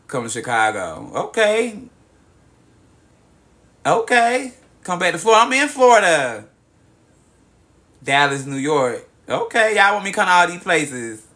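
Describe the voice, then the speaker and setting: High, bright man livestreaming. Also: measured pace, pauses often. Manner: excitable, profane, drawling, calls viewers baby and girl. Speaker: livestream host. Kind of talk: casual livestream chat, reading viewer comments.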